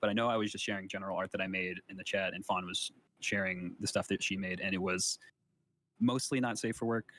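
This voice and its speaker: A low-voiced man answers interview questions from memory. He hesitates often and fills his answers with ums and restarts. He keeps correcting himself as he goes. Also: fairly even intonation, a little fast, fairly bright tone, a little hiss or hum. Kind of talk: recalled account in an interview.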